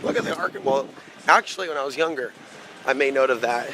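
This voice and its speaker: A man's voice: medium pitch, a little fast. A man in his thirties filming a walking-tour vlog on a camera, talking to it in a rambling, casual way as he walks outdoors. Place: outdoors on city streets. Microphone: handheld camera mic. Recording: outdoor city noise. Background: street traffic noise.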